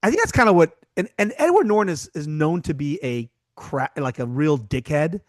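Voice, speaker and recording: A man's voice: on the high side, animated, moderate pace, dry recording. A man co-hosting a podcast, chatting casually about a film and telling stories with frequent restarts. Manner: chatty, trails off and restarts, tells anecdotes. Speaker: podcast co-host. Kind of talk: casual chat.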